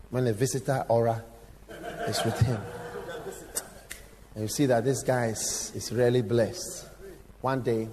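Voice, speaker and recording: A man preaching a sermon, telling stories with sudden shouts, acted quotes and direct questions to the congregation. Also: medium pitch. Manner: engaging the audience with direct questions. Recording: long hall reverb, faint background noise.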